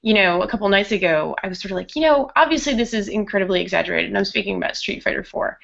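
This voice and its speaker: A woman from Rhode Island with a softened New England accent, chatting casually as a podcast guest, with lots of fillers and laughter. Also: medium pitch, lively intonation, fast, gravelly, highs cut off. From Rhode Island, USA. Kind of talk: casual chat.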